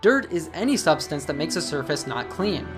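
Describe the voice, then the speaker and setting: A woman narrating a scripted English lesson, explaining phrases clearly. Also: sits low, very animated, moderate pace, music in the background. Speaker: English teacher.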